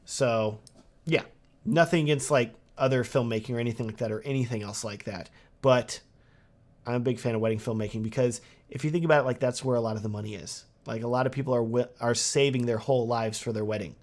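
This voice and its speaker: A man's voice: medium pitch, fast, a little mellow. A man with a Texan accent hosting a casual livestream Q&A, answering viewer questions in an upbeat way with lots of "um" and "like". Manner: casual and upbeat, many fillers like "um" and "like". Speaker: wedding videographer hosting a livestream Q&A.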